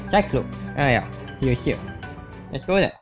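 A man's voice: medium pitch, animated, a little slow. Man, let's play host, casual game commentary, hesitant with ums, faint music behind. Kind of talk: casual gameplay commentary and story reading.

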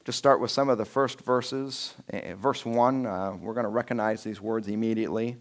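A male pastor gives a relaxed, conversational sermon in a church, at a middle pitch for a man. He tells the story plainly and slips into animated, acted-out quotes. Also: fairly quick. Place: church sanctuary.

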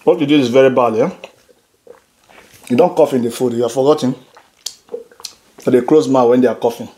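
At home, a father who runs the channel hosts a casual family mukbang, teasing his daughter and laughing often between bites. His mid-range voice is mellow and a little fast.

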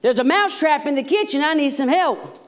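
A man's voice: expressive, brisk. A man voicing a frightened little male house mouse who pleads with farm animals for help. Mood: pleading. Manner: high squeaky pleading.

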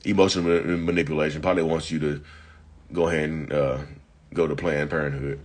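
Brief: male live-stream host, deep and husky, blunt and chatty with viewers, getting over an illness. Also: fairly even intonation, a little fast. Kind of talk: casual live chat reading viewer comments.

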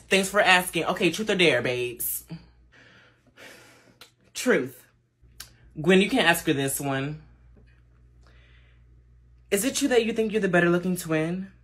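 A young woman acting out school comedy skits with sassy, playful character voices and a husky tone. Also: on the low side.

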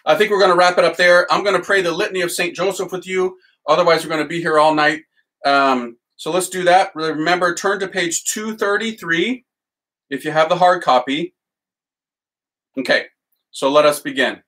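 A man, a priest, teaching with excited enthusiasm and leading a chanted litany. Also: fairly high pitch, normal speed, poor audio.

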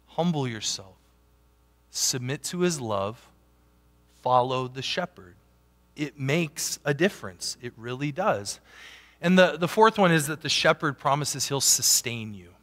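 A man preaching a sermon as a pastor, animated, swinging from loud emphatic peaks down to quiet asides. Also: mid-range voice, a little slow. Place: church sanctuary. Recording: long church hall reverb.

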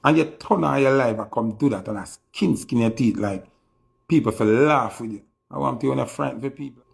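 Gravelly Jamaican man making threats. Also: mid-range voice, moderate pace. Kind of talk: live-stream rant.

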